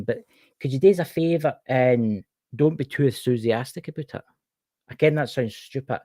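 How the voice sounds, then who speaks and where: A man's voice: medium pitch, lively intonation, moderate pace, mellow, no echo. A man with a Scottish accent giving a casual tarot card reading on a livestream, chatting to a viewer by name as he turns each card.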